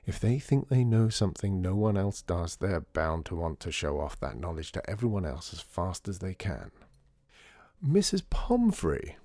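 Man doing a smooth-talking showman, theatrical, persuasive, dark gravelly tone. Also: sits low, lively intonation, moderate pace, few pauses, no echo, studio quality. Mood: charming.

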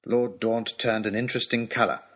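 A man's voice: on the low side, steady tone, brisk, a bit bright, husky. A man narrating a humorous storybook letter with dry, wry delivery. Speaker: audiobook narrator.

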